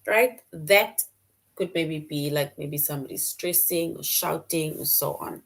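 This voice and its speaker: A woman's voice: sits low, a little slow, vocal fry. A woman teaching a middle-school grammar lesson, repeating key points and explaining with examples.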